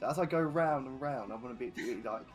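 A man taking part as a player in a tabletop game, talking casually with halting restarts. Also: medium pitch, over music.

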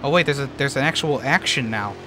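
Sarcastic, excitable gaming streamer man. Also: medium pitch, fast, background noise. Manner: sarcastic, swears a lot, yells in frustration. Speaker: streamer playing a video game. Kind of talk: let's play gaming commentary.

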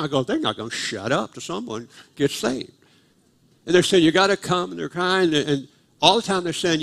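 Older man guest preacher, slightly high voice, dry self-mocking humor, live church sermon. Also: a bit bright. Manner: humorous, self-deprecating storyteller. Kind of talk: storytelling sermon. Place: church sanctuary, live service.

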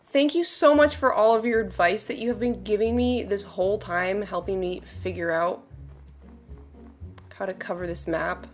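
A woman giving casual commentary while playing a video game, excitable and gasping, often dropping to quiet murmurs. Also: on the high side, measured pace, faint music behind. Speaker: gaming streamer.

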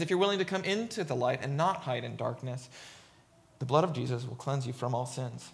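A man's voice: mid-range voice, a little fast, vocal fry. A man preaching a sermon, reading scripture aloud and commenting emphatically, often checking in with "right?".

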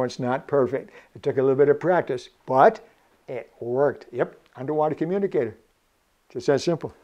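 A man's voice: a little high, muffled recording. An older man from Canada hosting a casual show-and-tell about vintage diving gear, chatty and joking. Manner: chatty, jokey, laughs often. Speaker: vintage scuba show host.

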